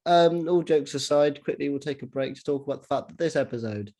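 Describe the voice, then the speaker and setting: A man hosting a casual podcast chat, excitable, stumbling over restarts and swearing freely. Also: a little high, a little fast. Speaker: podcast host.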